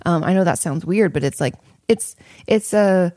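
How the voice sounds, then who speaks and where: A woman's voice: fairly low pitch, normal speed, mellow, dry recording, clean studio sound. A woman therapist talking casually to her audience, reassuring and chatty, with many fillers and restarts. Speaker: therapist answering audience questions. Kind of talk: casual advice talk.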